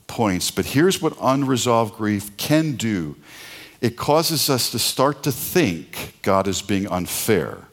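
A middle-aged man preaching a sermon, telling personal stories with asides and rhetorical questions. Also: on the low side. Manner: conversational storytelling with pauses, asides and rhetorical questions. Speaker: pastor.

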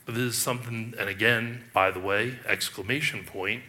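A man's voice: on the low side, a little slow, pushed and bright. A male pastor delivering a sermon, emphatic and full of rhetorical questions, often restarting his sentences.

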